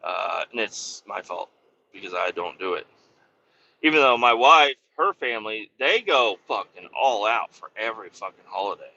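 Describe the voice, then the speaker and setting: A man's voice: fairly low pitch, sharp tone, dull audio. A man rambling casually about family life, swearing freely and joking at his own expense, full of fillers. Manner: profane, rambling, self-mocking with many fillers. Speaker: podcast host and family man.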